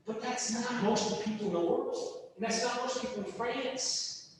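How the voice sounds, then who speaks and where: A man teaching a class over a video call, speaking in an animated way and sometimes mocking others in a high put-on voice. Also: moderate pace, slight background noise. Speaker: professor. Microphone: computer mic on a video call. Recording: echoey, roomy, distant mic.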